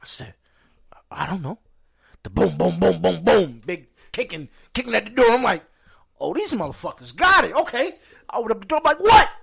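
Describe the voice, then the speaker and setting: A man hosting a podcast, telling a story in a casual, profane, animated way and loudly acting out what people said. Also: high-pitched, fairly quick, gravelly, husky. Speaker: podcast host.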